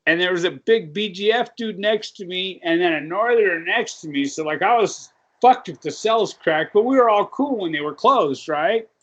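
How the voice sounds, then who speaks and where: A man's voice: high-pitched, lively intonation, normal speed, hardly any pauses, a bit bright. A man hosting a podcast in casual, rambling chat, swearing often and asking "you know what I mean" again and again. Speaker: podcast host. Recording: dull lo-fi recording.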